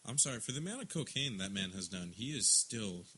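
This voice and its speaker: A young man co-hosting a comedy podcast who laughs often and sometimes drops into a low joking radio voice. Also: lively intonation, brisk, bright, forceful tone, slight background noise, rough recording. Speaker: podcast co-host. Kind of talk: casual comedic chat.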